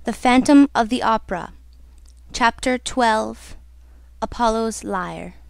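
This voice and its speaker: Woman audiobook narrator, measured reading, slightly high voice, dry close recording. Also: vocal fry, dry recording. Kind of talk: scripted narration.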